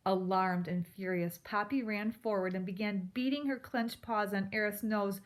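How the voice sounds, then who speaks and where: A woman reading a children's storybook aloud in a steady, expressive way. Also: medium pitch, normal speed, few pauses. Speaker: narrator.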